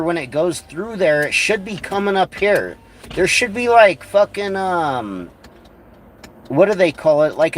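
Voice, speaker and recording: A man's voice: a little high, slight background noise. A man on a livestream, ranting crudely and scornfully in a rambling way. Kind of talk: profane livestream rant.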